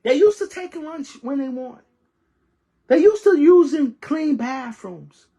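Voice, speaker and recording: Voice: high-pitched, animated, a little slow, mellow, dull audio. A transit worker from New York delivering an impassioned rant, heated and repeating phrases for emphasis. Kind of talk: impassioned ranting monologue.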